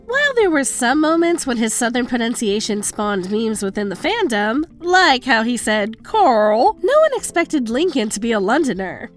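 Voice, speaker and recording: A woman's voice: a little high, sing-song, moderate pace, few pauses. A woman reading a scripted countdown voice-over in a polished, upbeat way. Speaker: countdown narrator. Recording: faint music bed under the voice.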